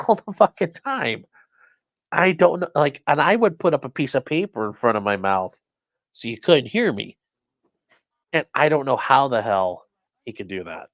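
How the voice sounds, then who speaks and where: A man's voice: medium pitch, no echo. Casual, profane male trial commentator. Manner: loose and profane, acts out courtroom quotes. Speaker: defense attorney commenting on a trial. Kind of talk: casual live-stream commentary.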